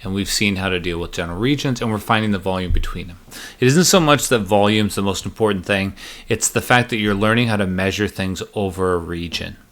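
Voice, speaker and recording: A man's voice: low-pitched, brisk, fairly bright tone. A man teaching a recorded math lecture, chatty and joking as he walks through each step aloud.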